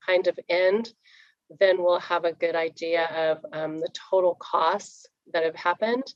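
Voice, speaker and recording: A woman on staff presenting a budget report to a board at a public meeting, brisk and explanatory, with frequent fillers. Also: lowish voice, a little mellow, no room sound, lo-fi sound.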